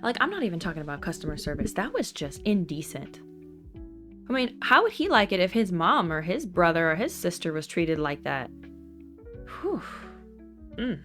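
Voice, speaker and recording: A woman hosts a casual chat vlog in a somewhat low voice, chatty and exasperated in her commentary. Faint music sits in the background. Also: sing-song, a little fast, fairly bright tone. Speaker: vlog host.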